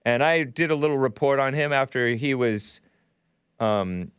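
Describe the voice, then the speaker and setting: A man's voice: mid-range voice, a little slow, clean tone, no room sound, studio quality. A middle-aged man hosting a talk show, rambling sardonically and laughing at his own jokes. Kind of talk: solo political talk show monologue.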